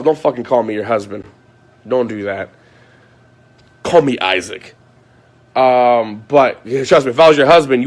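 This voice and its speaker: A man at an ordinary middle pitch airs a grievance straight to camera. He repeats himself, stumbles over restarts, and drops curses as he builds his case. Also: a bit bright. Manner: aggrieved, repetitive, swears often. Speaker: vlogger. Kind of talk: ranting monologue to viewers.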